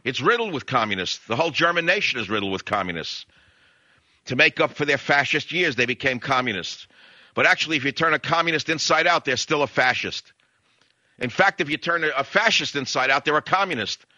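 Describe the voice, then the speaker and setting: A combative male talk radio host rants with a forceful, tense edge and a sneering, insulting manner. The sound is dry and close, with a slightly dull, lo-fi radio tone. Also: medium pitch, expressive, brisk, no room sound. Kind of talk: ranting political talk radio monologue.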